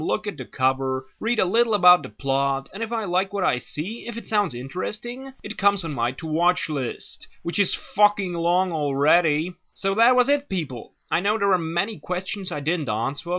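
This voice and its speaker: A man chatting casually to his viewers as an anime reviewer, joking, crude and sarcastic, in a dull lo-fi recording. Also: a little high. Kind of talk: casual video chat.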